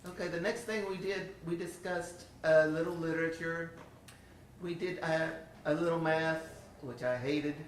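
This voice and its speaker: A woman's voice: sits low, fairly even intonation, moderate pace, a little hiss or hum. An older woman shares a homey, chatty personal testimony from a church platform. Her voice rings with room echo and sounds distant from the mic, with faint ambience behind. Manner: homey, chatty, laughs often. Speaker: church speaker giving a testimony. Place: church sanctuary.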